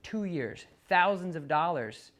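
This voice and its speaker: A dog trainer working with a dog in front of its owner. The trainer explains calmly to the owner, then calls out commands and loud, high praise to the dog. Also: unhurried. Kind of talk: hands-on training demonstration.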